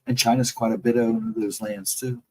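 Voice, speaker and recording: A man's voice: mid-range voice, flat delivery, a little fast, warm tone, slightly rough, poor audio. A man hosting a casual late-night livestream, telling rambling folksy stories and answering his chat. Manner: rambling, folksy storytelling with restarts; reads out chat comments and answers them. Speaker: livestream host.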